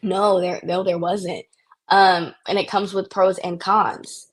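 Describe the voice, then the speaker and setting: A woman talking as a podcast guest in animated, casual conversation, often restarting her sentences. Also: fairly low pitch, slow, husky.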